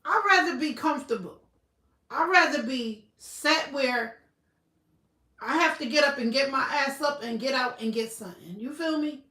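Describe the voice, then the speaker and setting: Blunt high-voiced woman livestreaming. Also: normal speed, pushed and bright. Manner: blunt, profane, emphatic. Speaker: livestream host. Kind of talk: casual livestream chat. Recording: roomy echo, slightly far from mic.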